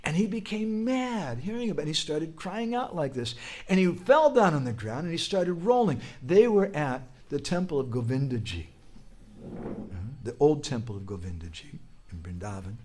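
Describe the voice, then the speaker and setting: Animated man telling a sermon story. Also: moderate pace. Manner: animated, leaps high and loud when quoting and crying out; humorous asides, prompts listeners with "huh?". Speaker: speaker at a religious festival.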